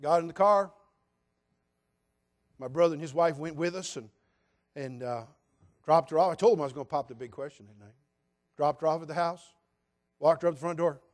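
A man's voice: fairly high pitch, brisk, long pauses. An older man from California preaching a sermon from the pulpit in a folksy, dramatic storytelling manner. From California, USA. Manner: folksy, dramatic, mimics quoted voices in hushed tones.

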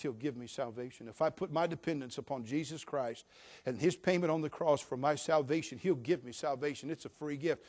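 Middle-aged preacher guy, bit of a high voice, gets loud then goes quiet and slow for emphasis. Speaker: pastor. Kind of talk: sermon.

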